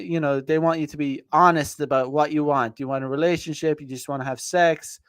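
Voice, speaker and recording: A man's voice: fairly high pitch, fairly even intonation, a little fast, few pauses, smooth, dry recording, clean studio sound. A man hosting a podcast, talking in a blunt, profane, rambling way with many restarts and fillers. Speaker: podcast host. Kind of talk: casual livestream monologue.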